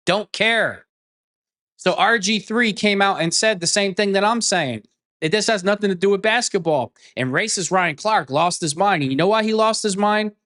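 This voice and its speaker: A man's voice: sits high, fairly bright tone. A man giving a heated opinion rant as an online commentator, blunt and profane, repeating phrases for emphasis.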